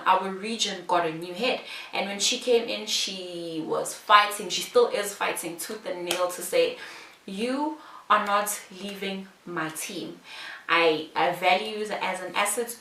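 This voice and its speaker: A woman from South Africa telling her own story to camera in a casual vlog, animated, acting out the other people's lines. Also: on the low side, echoey room, far from the mic. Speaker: vlogger.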